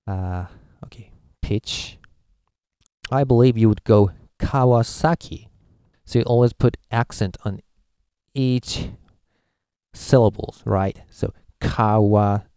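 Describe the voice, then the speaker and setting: A man's voice: fairly low pitch, normal speed, warm tone, no room sound, studio quality. A man from Japan, a native Japanese speaker with a Japanese accent, giving a casual language lesson, hesitant with many filler uhs as he sounds out syllables. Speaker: language teacher.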